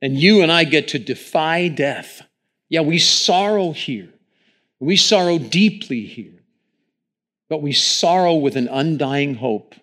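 Guy preaching in church on a mic, kinda high voice, goes quiet then loud. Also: lively intonation, takes it slowly. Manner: preaching with swings between hushed and loud. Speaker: pastor. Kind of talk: sermon. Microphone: microphone.

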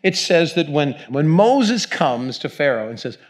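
A man's voice: on the high side, sing-song, measured pace. A male pastor preaching a sermon in a conversational, storytelling way, with asides to the congregation.

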